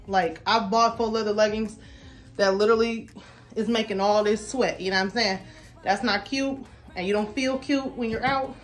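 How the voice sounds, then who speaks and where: A young adult woman filming a casual try-on haul at home, chatty and excited, calling viewers y'all and baby. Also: on the high side. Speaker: fashion vlogger.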